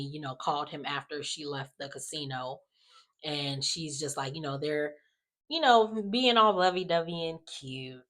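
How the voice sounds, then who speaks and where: A woman's voice: low voice, a bit bright. A woman chatting casually as she recaps a soap episode, with lots of fillers, acting out the characters' lines as she goes. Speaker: soap opera recap vlogger.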